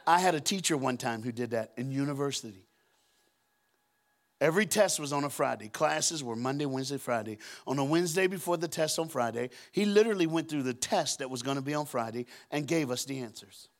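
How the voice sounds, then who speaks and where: A man preaching a sermon as a guest speaker, telling stories and acting out the scenes with shouts and deep put-on voices. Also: expressive, moderate pace. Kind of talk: storytelling sermon. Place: church auditorium.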